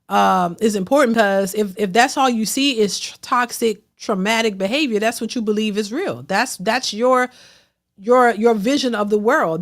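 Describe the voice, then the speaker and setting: Fired-up woman host preaching opinions. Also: a little high. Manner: emphatic, repetitive, preachy, mocking voices of others. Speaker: reaction channel host. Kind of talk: casual commentary rant.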